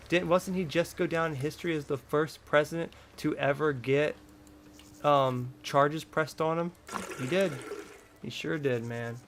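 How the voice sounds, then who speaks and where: A man's voice: a little high, slight background noise. A man in his thirties from the United States, delivering a heated, profane vlog rant full of repetition. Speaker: vlogger. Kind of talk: angry political rant.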